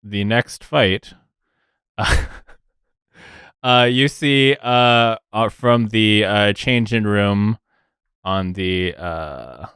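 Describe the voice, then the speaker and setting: A man narrating as game master of a tabletop game, halting and unhurried with chuckles. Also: on the low side, a bit bright, clear, resonant tone, no echo, clean studio sound. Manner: halting, many fillers and restarts, chuckling.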